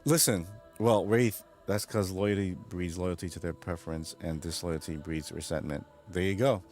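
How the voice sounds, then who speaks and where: A man's voice: sits low, big pitch swings, moderate pace, soft background music. A man streaming and chatting casually with his viewers, rambling, swearing, and laughing often. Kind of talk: casual livestream chat.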